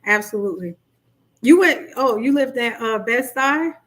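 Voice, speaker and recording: Talking at a normal speed, this middle-aged Brooklyn woman has a New York accent and an animated, higher-leaning voice. A life coach, she keeps her livestream chatty and welcomes her viewers one by one by name.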